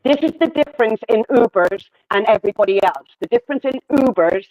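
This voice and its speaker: A man with a fairly high voice, ranting angrily in a casual chat. He swears a lot and pushes each point hard. The sound is dry and close. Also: animated, fairly quick, no room sound, muffled recording. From Ireland. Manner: heated, angry, swears often.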